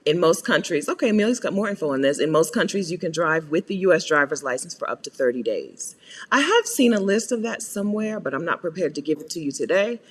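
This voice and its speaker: American woman host for live Q&A, animated pitch, talks in a hall with long reverb, laughs often. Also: fast talker, slightly rough. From United States. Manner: chatty, laughs often, greets viewers by name. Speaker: host answering viewer questions. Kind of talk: live Q&A chat.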